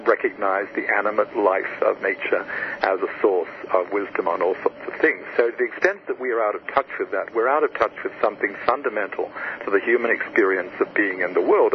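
A man, an author being interviewed, telling stories and teaching by example with lively enthusiasm and frequent restarts. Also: lowish voice, narrow, tinny audio, a little hiss or hum. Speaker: author and guest. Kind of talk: animated storytelling interview answers.

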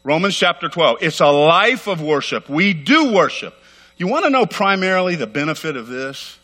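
Middle-aged man, pastor, fervent rapid sermon, bright forceful voice, long church reverb. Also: a little high, big pitch swings. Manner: fervent, rapid and emphatic, repeating phrases. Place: church sanctuary.

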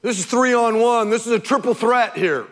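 A man preaching a sermon as pastor, animated and emphatic, firing off rhetorical questions at his congregation. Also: very high-pitched, normal speed, in a large hall.

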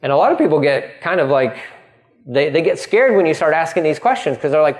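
A man preaching a sermon as pastor, animated and quick to act out voices, often restarting his sentences. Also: fairly high pitch. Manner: animated, acting out voices in dialogue; frequent restarts and stumbles.

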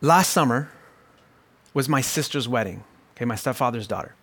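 A pastor in his forties preaches a sermon built around a personal story, shifting between quiet, reflective passages and emphatic, rising exclamations. His mid-range voice is animated and slightly rough, at a moderate pace.

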